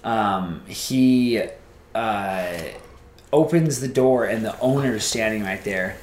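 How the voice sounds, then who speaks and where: A man telling a casual story as a podcast guest, rambling and animated, acting out the voices of people he quotes. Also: lowish voice, slow, reverberant.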